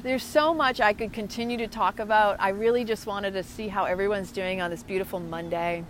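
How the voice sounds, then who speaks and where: A woman co-hosting a casual live-stream, chatting warmly and effusively to viewers and greeting them by name outdoors at a waterfront. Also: medium pitch, fairly even intonation, a little fast, poor audio. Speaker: co-host of an online live show. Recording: outdoor recording with clear traffic noise. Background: outdoor ambience and passing vehicles.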